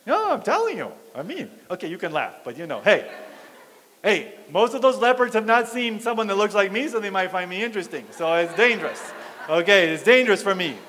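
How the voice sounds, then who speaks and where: Male pastor, animated storyteller; slightly high voice, echoey church hall. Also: a little fast. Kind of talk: storytelling sermon.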